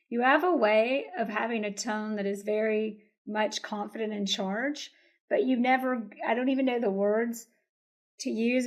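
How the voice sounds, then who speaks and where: A woman with a somewhat high voice, hosting a podcast. She speaks with enthusiasm and keeps affirming her guest throughout a relaxed conversation. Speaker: podcast host. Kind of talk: casual interview chat.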